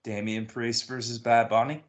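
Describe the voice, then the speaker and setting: A man's voice: medium pitch, flat delivery, normal speed, muffled recording. A man co-hosting a casual podcast, laid-back and making brief remarks. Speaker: podcast co-host. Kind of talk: casual chat.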